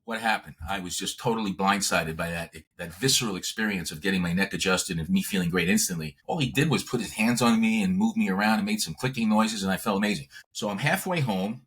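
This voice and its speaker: A middle-aged man from Brooklyn, a chiropractor guest telling his story in an interview in an animated, emphatic way, repeating words for stress. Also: on the low side, quick pace, hardly any pauses, breathy edge. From Brooklyn, New York.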